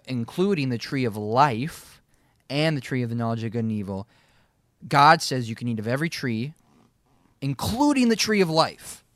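A man's voice: mid-range voice, a bit bright, no echo, studio quality. A man leading a casual Bible study, reading verses aloud and explaining them word by word. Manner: reads scripture aloud, repeats key words, laughs easily. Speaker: Bible teacher.

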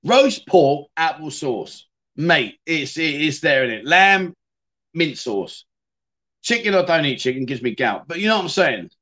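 A man's voice: fairly high pitch, very animated, a little slow, sharp tone. Chatty rambling man. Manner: chatty, rambling, repeats words and restarts often. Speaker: livestream host. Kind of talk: casual livestream chat reading viewer comments.

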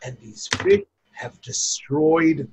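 A man's voice: a little high, fairly even intonation, takes it slowly, a little mellow, a little hiss or hum, poor audio. A man playing in a tabletop game, talking hesitantly with many restarts. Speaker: tabletop player.

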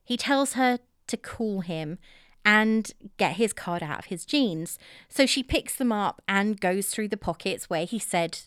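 A woman's voice: medium pitch, animated, measured pace, a bit bright, smooth, no room sound, clean studio sound. A woman recapping a film plot in a casual way, with chatty, opinionated asides. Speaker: film reviewer.

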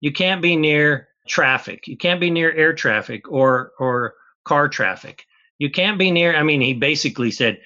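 A man's voice: medium pitch, expressive, normal speed, bright, forceful tone, dull audio. A man, a chemist guest on an interview, patiently explaining step by step in plain words.

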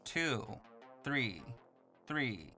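A man's voice: medium pitch, sing-song, extremely slow, bright, forceful tone, soft background music. A man hosting a game quiz, reading out numbers and questions. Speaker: quiz host.

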